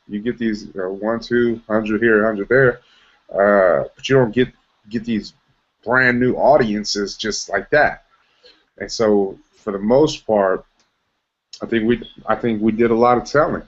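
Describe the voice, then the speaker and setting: A man leading a team meeting, talking about how to show rather than tell, with many restarts and fillers. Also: on the low side. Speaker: team leader. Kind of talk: motivational team meeting talk. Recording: dull lo-fi sound.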